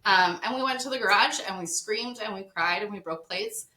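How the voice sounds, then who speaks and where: A woman guest on a podcast, casually telling a personal story in an animated way, often laughing. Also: medium pitch, a little fast. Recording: echoey room.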